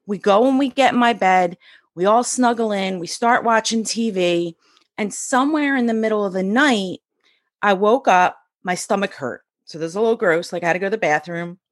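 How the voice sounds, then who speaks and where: A middle-aged woman from the US East Coast, a podcast guest telling a personal story in a sassy, high-strung, energetic way, acting out quoted lines with big pitch jumps. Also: moderate pace, no room sound, clean studio sound.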